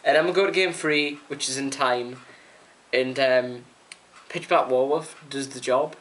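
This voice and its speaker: A young man, chatting excitedly through a casual vlog recap, full of fillers and acted-out quotes. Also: medium pitch, a little slow, noisy background. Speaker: card game player reviewing a tournament.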